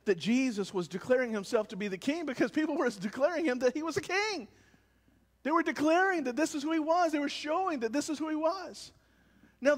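A man pastor preaching a sermon, swinging between loud calls and quiet, low lines. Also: in a large hall. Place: church service, with cars passing by.

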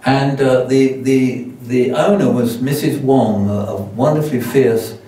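Heard from a distance in an echoey church hall, an older guest preacher gives a sermon with anecdotes, including a self-deprecating story full of restarts. His voice is medium-pitched and dark in tone, and he speaks at a measured pace.

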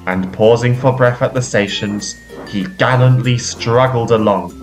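A man reading a children's railway storybook aloud in a slow, expressive storytelling manner. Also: mid-range voice, faint music behind. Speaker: storybook reader. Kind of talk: storybook narration.

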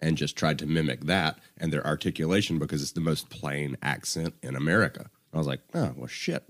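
A man with a softened Southern US accent from Alabama, telling stories in a relaxed, self-deprecating way on a casual podcast. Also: rumbling low, a little fast. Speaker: podcast co-host.

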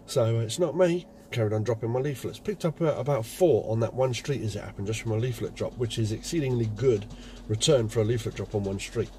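A man's voice: medium pitch, a little fast, a little mellow. A man, a window cleaning business owner, telling anecdotes in a chatty casual vlog. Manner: chatty, anecdotal, many fillers.

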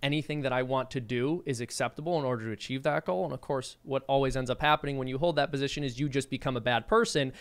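Guy co-host, smooth clear voice, talks fast, explains stuff. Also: medium pitch. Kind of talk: casual political panel talk.

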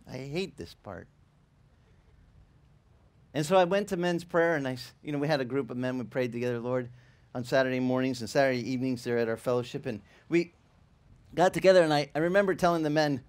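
A man's voice: medium pitch, a little fast. A middle-aged man, a pastor, telling a story in a sermon in a conversational way, acting out the dialogue. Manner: animated, conversational, acts out dialogue. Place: church.

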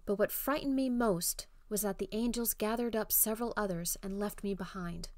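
A woman's voice: mid-range voice, normal speed, a little mellow, no room sound, studio quality, natural voice. Scared shaking man telling a nightmare, woman doing it, fearful and urgent. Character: trembling frightened man recounting a dream.

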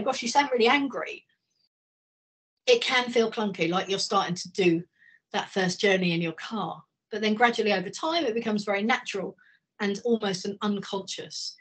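A middle-aged woman leads a communication training session over a video call, talking in an easy, anecdotal way. Her voice is somewhat breathy and sits at an ordinary pitch. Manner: conversational, anecdotal, speeds up and slows down.

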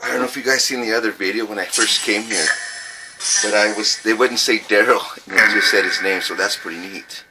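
A man's voice: on the low side, fairly quick, heavy background noise. A man running a ghost-hunting vlog inside an old trailer, calling out to spirits, nervous and breathing hard. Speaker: paranormal investigator.

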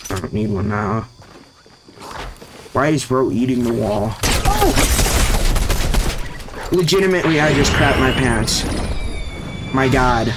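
A young man giving casual, excitable gameplay commentary, jumpy and slangy, with sudden yelps when startled. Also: mid-range voice, very noisy. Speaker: gaming YouTuber. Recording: game music and sound effects behind voice. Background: loud game music.

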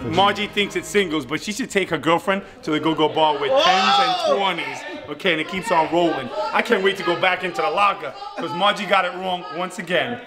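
A man buying at storage auctions, talking brashly and swearing freely in a reality show. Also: medium pitch. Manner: brash, profane trash talk. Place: storage auction and flea market.

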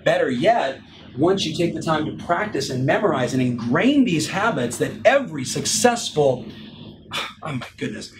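A middle-aged man coaching real estate agents in an energetic, emphatic motivational talk. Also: fairly high pitch, background noise. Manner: animated, emphatic, acts out example phone lines.

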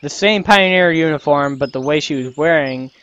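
A man with a somewhat high voice reads a game's story aloud in a relaxed, casual way. He stumbles over words and corrects himself as he goes. The recording sounds dull and lo-fi. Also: normal speed, clean tone. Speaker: youtuber reading a visual novel aloud.

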